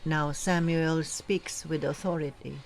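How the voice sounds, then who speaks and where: A woman coaching church readers, giving slow, careful instructions and sounding out pronunciations. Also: low voice, steady tone, creaky, rough recording. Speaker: reading coach. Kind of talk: instructional talk on proclaiming scripture.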